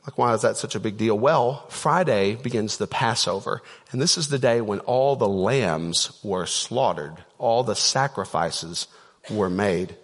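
Chatty pastor in a reverberant hall. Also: male voice, fairly low pitch, expressive, unhurried, slightly rough. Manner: conversational, storytelling with filler words and restarts. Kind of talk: sermon. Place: church auditorium. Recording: long church-hall reverb.

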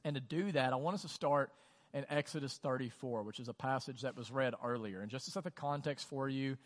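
A man with a mid-pitched voice preaches a sermon in a relaxed, conversational way. He leans on "like" and asks the congregation questions as he goes. His voice rings through a church hall with a long reverb. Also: brisk. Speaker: pastor. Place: church auditorium.

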